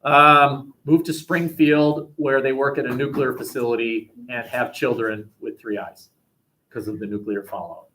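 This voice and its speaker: A man lecturing a sociology class, animated and acting out quoted voices. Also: mid-range voice, measured pace, a little hiss or hum, rough recording. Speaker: sociology teacher.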